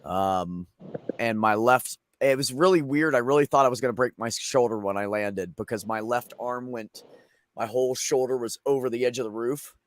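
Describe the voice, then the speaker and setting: A man's voice: medium pitch, moderate pace. A man hosting a casual chat, telling a long story in a rambling, profane way. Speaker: streamer host.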